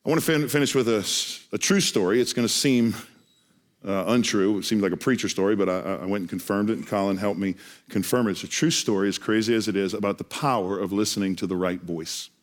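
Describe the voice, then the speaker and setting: A man's voice: fairly low pitch, fast talker. A male preacher telling a story in a sermon, earnest and often repeating words as he starts a phrase.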